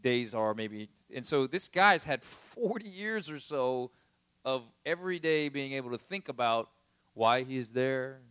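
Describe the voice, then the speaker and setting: A man teaching from the Bible in a relaxed, conversational tone. His voice sits at an ordinary middle pitch, and he talks like he is chatting with friends, with lots of "you know" and "like". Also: unhurried, clear, resonant tone. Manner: conversational, chatty retelling with fillers.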